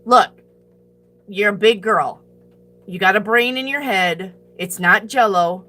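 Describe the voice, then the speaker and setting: A woman's voice: mid-range voice, slow, pushed and bright, soft background music. A woman reading tarot on a live stream, talking bluntly and profanely as she answers her chat and hands out tough advice.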